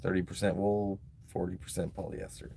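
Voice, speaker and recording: He speaks a little fast in a low, level voice, warm with vocal fry, against slight background noise. The clip is a vlogger's casual live stream from an outdoor beach, where he reads donations and rambles on, saying "like" and "um" a lot.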